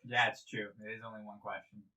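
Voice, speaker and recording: A man playing a tabletop game, joking in a dry, deadpan way. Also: fairly low pitch, fast, poor audio. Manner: joking, deadpan, playing up his character's greed. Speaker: player. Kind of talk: casual tabletop game chat.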